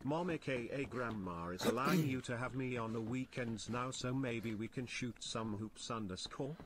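A male text-to-speech voice reading viewer messages aloud in an even, mechanical way. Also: medium pitch, normal speed, background noise. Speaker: text-to-speech donation reader. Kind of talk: synthetic read-out of viewer messages.

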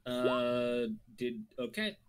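A man running a tabletop game, with a voice of ordinary middle pitch. He narrates at an unhurried, measured pace and laughs often between rulings. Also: lively intonation, smooth. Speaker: game master.

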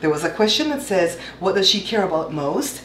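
This is casual kitchen talk from a Belizean cooking-show host in her fifties, who teases and laughs playfully as she cooks at home. Her voice is on the low side, a bit bright, expressive and fairly quick, and the kitchen echoes.

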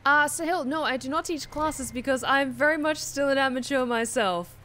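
Casting note: woman streamer, bright, forceful voice, chatty and foul-mouthed, loose live-stream delivery. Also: high-pitched, moderate pace. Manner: chatty, swears freely, talks to chat. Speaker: streamer and hobby voice actor. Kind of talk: casual live-stream chat while gaming.

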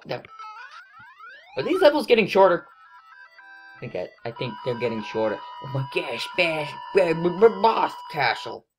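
A woman giving excitable let's play commentary as she plays, scolding herself and yelping at her mistakes. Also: extremely low pitch. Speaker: gaming video creator.

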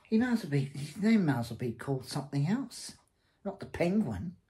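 A man's voice: fairly high pitch, sing-song, a little fast, mellow. A man giving a casual spoken review of a TV series. He rambles and hesitates, and his verdicts are blunt and scornful.

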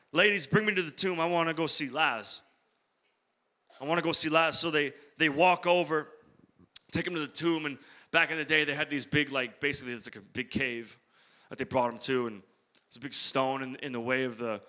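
Youth pastor, young man, bright ringing voice, laid-back slangy sermon delivery. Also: fairly high pitch. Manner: casual, slangy, animated storytelling.

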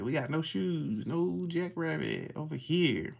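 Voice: medium pitch, expressive, a little slow, creaky, a little mellow, slightly rough. A livestream host, casually reading out symbols one by one and greeting viewers in the chat.

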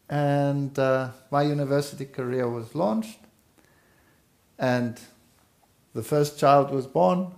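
Sharing personal testimony in conversation, a middle-aged man tells his life story slowly and earnestly, lingering over every phrase. His slightly high voice is gravelly with audible fry.

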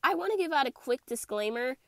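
A young woman with a stuffy, congested voice, hosting a playful, animated chemistry lesson. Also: sits high, fast, creaky, no echo, clean studio sound. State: congested from a cold. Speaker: chemistry video host. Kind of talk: casual explainer lesson.

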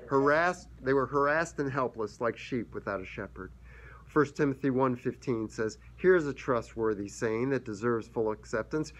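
An earnest pastor delivering a sermon in a mid-pitched male voice. He often stumbles and repeats a word as he restarts, then reads scripture passages aloud to the congregation.

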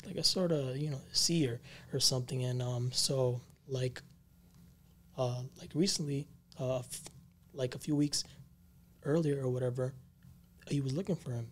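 A man's voice: medium pitch, fairly even intonation, normal speed, slight background noise. A man co-hosting a paranormal podcast, telling a creepy story in a rambling, slangy way with many fillers. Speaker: podcast co-host.

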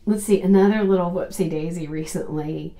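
A woman's voice: lowish voice, roomy sound. A woman casually telling a personal anecdote, laughing often as she talks. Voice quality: laughs often, slow and animated, drawn-out phrasing. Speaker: storyteller host.

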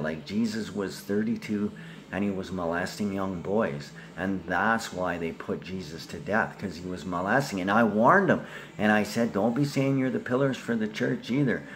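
Addressing his family, an Australian man with a low-pitched voice wanders through a loose monologue that keeps hopping between subjects.

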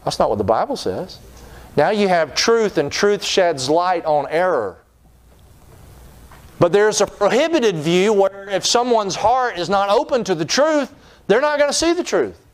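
A man's voice: high-pitched, big pitch swings, unhurried. A man preaching a sermon, retelling scripture in folksy terms and putting on voices for its people. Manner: folksy storytelling, acting out the people in his stories. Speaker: pastor.

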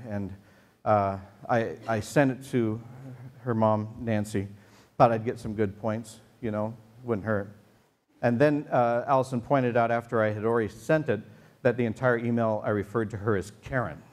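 A man's voice: on the low side, steady tone, moderate pace, darkish tone. A male pastor preaching a sermon to a congregation in a church, joking and telling stories in a conversational way. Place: church sanctuary before a congregation.

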